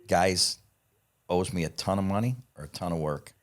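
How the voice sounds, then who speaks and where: A man telling stories as a podcast guest in casual chat, excitable and profane, swearing as he talks. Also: low voice, normal speed. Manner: excitable, profane, animated storyteller.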